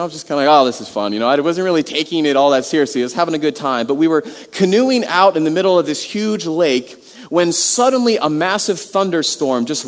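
A man preaching a sermon in a conversational way, with many restarts and rhetorical questions. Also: a little high. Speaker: pastor. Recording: long hall reverb.

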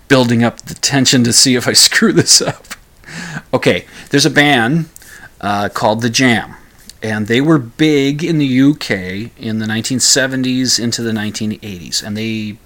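A man's voice: mid-range voice, fairly bright tone. A man hosting his own podcast, talking casually on his own, stopping and restarting often and repeating small words as he thinks aloud. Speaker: podcast host. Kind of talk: casual solo podcast talk.

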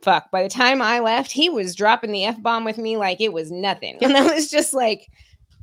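A woman guest on a podcast, chatting casually in a passionate way, swearing heavily and getting loud. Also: a little high, animated, normal speed, no echo, studio quality.

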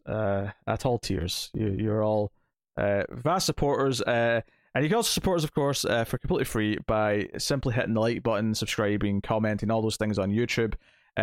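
A man's voice: lowish voice, no room sound, studio quality. A man co-hosting a podcast, chatting casually and reading out thanks, with many fillers and restarts. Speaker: podcast co-host. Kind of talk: casual podcast chat and outro.

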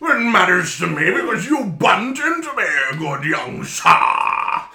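A man voicing a pompous gentleman with a theatrical, old-fashioned way of speaking. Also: sits high, sing-song, slow pace, roomy sound, pitched above the performer's own voice, heavily acted. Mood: haughty. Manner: theatrical, archaic phrasing.

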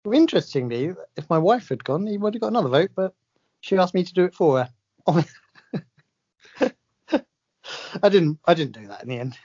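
A man's voice: high voice, expressive, moderate pace, long pauses, a little mellow, breathy edge. A man co-hosting a podcast in casual chat, dry and self-mocking, often chuckling. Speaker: podcast co-host. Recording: dull lo-fi podcast audio.

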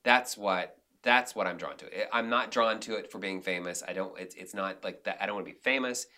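Bright-voiced man telling stories. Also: low-pitched, brisk. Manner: animated, acts out quotes, frequent restarts. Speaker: director and actor guest. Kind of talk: casual interview storytelling.

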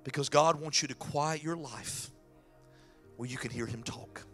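A man preaching a sermon as pastor, dropping to whispers and rising to shouts. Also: fairly high pitch, unhurried, faint music behind. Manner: dramatic swings from hushed whispers to shouting.

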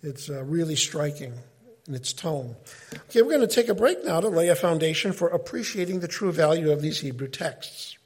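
A middle-aged man giving an informal Bible teaching, talking in a conversational, animated way and often breaking off mid-sentence. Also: fairly high pitch, a little fast, slightly rough. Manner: conversational, animated, self-interrupting.

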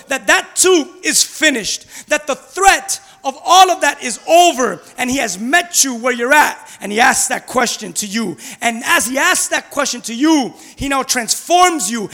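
A man with a strikingly high, bright voice delivers a sermon from the pulpit. He sinks into soft, low stretches, then climbs to loud, urgent pleas, and a long church-hall reverb trails each phrase. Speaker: pastor.

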